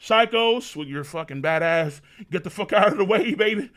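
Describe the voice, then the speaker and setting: A man streaming a live manga reaction, excitable and profane, breaking into shouts of amazement. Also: high-pitched, moderate pace, hardly any pauses.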